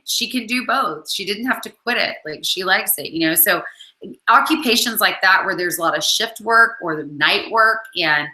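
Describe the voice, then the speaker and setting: A woman who coaches network marketing chats casually with her followers on video, her lowish voice pushed and bright. She keeps saying "um" and "like" and has the hiccups, and the low-quality recording sounds roomy.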